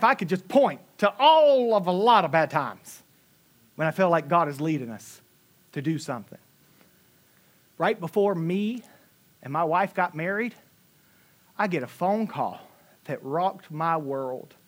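Man, pastor, sermon, high voice, animated storytelling, loud-to-soft swings. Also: a little slow, pauses often. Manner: animated storytelling, acting out quotes with big swings in loudness.

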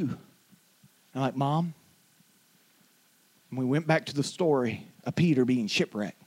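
A man preaching a sermon with passion, building into shouts. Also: medium pitch, lively intonation, moderate pace, long pauses, slightly rough. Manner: impassioned preaching that swells into shouts.

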